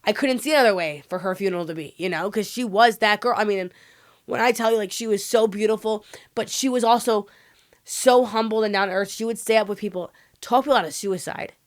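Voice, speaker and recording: Woman guest telling her story candidly. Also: medium pitch. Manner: rapid, emotional retelling with frequent "like" fillers and swearing. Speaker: podcast guest.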